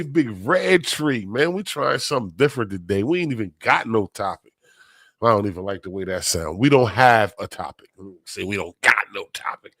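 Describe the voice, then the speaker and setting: A man's voice: medium pitch, fairly bright tone, no room sound. A man hosting a live stream while feeling sick, chatting casually with viewers in loose slang and greeting them by name. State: sick, under the weather.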